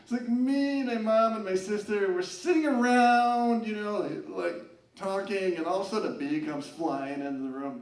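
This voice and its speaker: A man's voice: high voice, moderate pace, a little mellow. A young man doing stand-up at an open mic, telling a story in a rambling way full of fillers. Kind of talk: stand-up comedy. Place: college lounge, live open mic. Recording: echoey lounge from far off.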